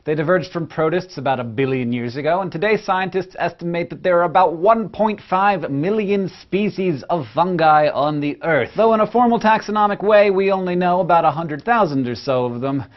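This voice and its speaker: A man hosting a science lesson, delivering scripted narration in an energetic, playful, emphatic way. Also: high-pitched, brisk, hardly any pauses, muffled recording. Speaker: science educator host.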